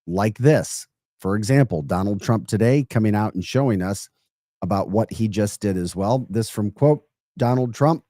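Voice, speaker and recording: Dark-voiced man co-hosting a podcast. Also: on the low side, moderate pace, dry recording, clean studio sound. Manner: upbeat, animated, laughs often. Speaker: podcast co-host. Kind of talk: casual political talk.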